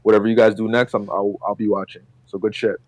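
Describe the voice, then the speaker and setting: A man co-hosting a casual podcast, talking quickly and repeating his words. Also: fairly low pitch, level tone, a little mellow, no room sound, rough recording. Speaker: podcast co-host.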